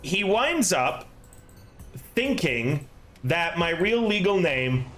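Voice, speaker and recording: A man with a slightly higher-than-usual voice hosts a tabletop game stream. He rambles through a story in a casual chat style, padding it with fillers and breaking into laughs. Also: sing-song, slow, a bit bright, low-quality recording. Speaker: game master and stream host.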